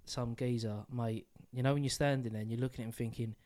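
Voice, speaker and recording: A man's voice: medium pitch, steady tone, fast talker, a little mellow. A man, co-hosting a podcast in crude, joking casual chat. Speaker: podcast co-host.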